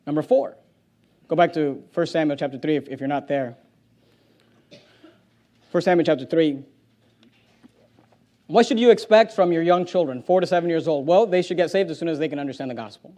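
A middle-aged pastor preaching a sermon in church, emphatic with sudden loud bursts. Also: male voice, on the high side, fairly quick, pauses often.

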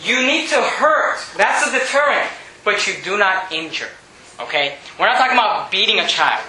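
A man preaching a sermon, emphatic and repetitive, often shouting. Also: high voice, lively intonation, normal speed, roomy sound, low-quality recording.

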